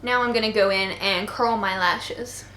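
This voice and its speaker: A young woman in her twenties, worn out from bad sleep, narrates a casual makeup tutorial with a chatty, playful style and joking asides. Her voice is medium-pitched, bright and forceful, with fairly even intonation and a measured pace. The room echoes, there's faint background noise, and people can be heard talking faintly outside.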